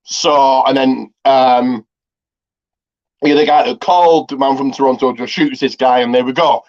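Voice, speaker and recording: For a movie review, a man recounts the story in a steady, slightly mellow mid-range voice, going a little slow. He rambles, full of ums and restarts, over slightly dull lo-fi audio.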